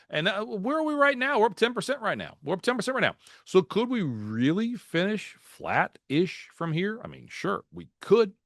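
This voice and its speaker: A man presenting a market outlook over slides in a video webinar, folksy and animated, dropping jokes and anecdotes. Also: a little high, dry recording, studio quality. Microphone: video call.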